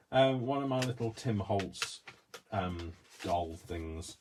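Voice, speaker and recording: Deep-voiced chatty crafting man. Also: normal speed, background noise. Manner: chatty, rambling, self-deprecating. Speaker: craft video host. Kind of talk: casual chat while crafting.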